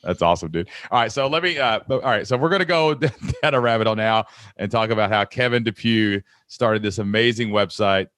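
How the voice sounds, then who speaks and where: A man's voice: lowish voice, brisk, no room sound, clean studio sound. A man in his thirties with an American accent, hosting a podcast interview and telling stories with lots of enthusiasm. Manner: enthusiastic, animated storytelling with quoted voices. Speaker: podcast host.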